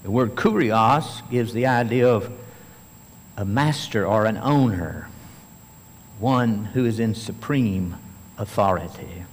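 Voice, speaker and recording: A man preaching a sermon as a pastor, building to emphatic bursts and then slowing to stress key phrases. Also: lowish voice, in a large hall.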